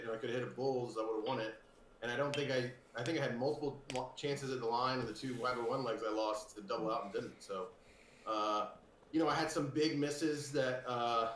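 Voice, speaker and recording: A man's voice: mid-range voice, fairly bright tone. A man who plays darts, talking at length after a win over a video call, boastful and joking. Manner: cocky, joking, talkative. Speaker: darts player. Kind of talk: post-match interview. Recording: roomy sound with faint noise.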